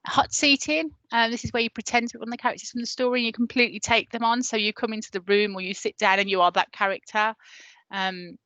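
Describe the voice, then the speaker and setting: A primary school teacher giving a chatty, encouraging recorded lesson for parents. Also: female voice, fairly high pitch, fairly even intonation, fast talker, pushed and bright, no room sound, low-quality recording. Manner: chatty and encouraging, many fillers.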